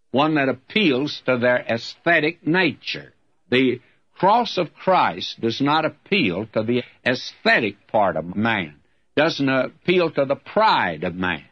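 A man's voice: mid-range voice, muffled recording. A man preaching a sermon in a folksy storytelling manner, calling the listener "my friend.". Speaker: radio Bible teacher.

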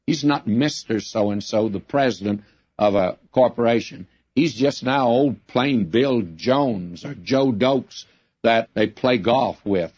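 A man's voice: fairly low pitch, darkish tone, dry recording. Man preaching in a dull lo-fi recording. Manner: storytelling, acting out quoted lines. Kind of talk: sermon.

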